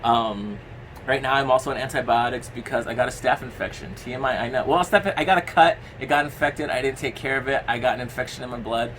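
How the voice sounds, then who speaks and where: A man's voice: medium pitch, fast, fairly bright tone, slight background noise, rough recording. A young man talking in a casual commentary vlog, rambling with lots of fillers, blunt and given to swearing. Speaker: commentary vlogger.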